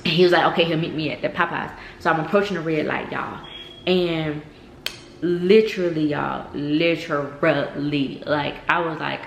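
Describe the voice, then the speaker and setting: Low-voiced woman telling a storytime. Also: moderate pace, vocal fry. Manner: animated, addresses viewers as y'all, many fillers. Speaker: vlogger. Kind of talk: casual storytime. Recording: echoey room with faint noise.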